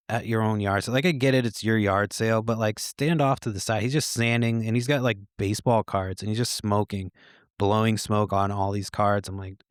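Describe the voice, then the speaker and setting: A man's voice: fairly low pitch, no room sound, studio quality. A man hosting a podcast, telling stories in a casual, rambling way, swearing freely and chuckling often. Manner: profane, laid-back, with frequent fillers and chuckles. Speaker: podcast host.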